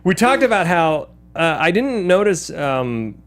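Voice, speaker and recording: Animated, laughing podcast host man. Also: fairly high pitch, measured pace. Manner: animated, laughing, rambling with restarts. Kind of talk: casual film-discussion chat.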